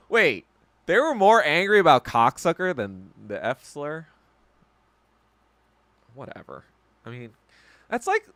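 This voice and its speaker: Profane ranting podcast man, lively pitch. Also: no echo. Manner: profane, ranting, laughs often. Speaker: podcast host. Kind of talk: casual livestream chat reacting to viewer comments.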